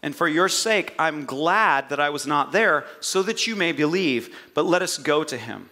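A male pastor preaching a sermon, telling the story with animated energy and jokey asides. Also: fairly high pitch, moderate pace.

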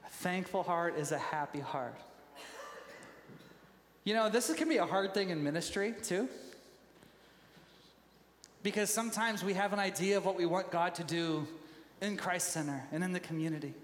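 A man preaching a sermon as pastor, animated, and now and then acting out quoted voices in sudden loud bursts. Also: sits high, moderate pace, pauses often. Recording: echoey hall with faint ambience.

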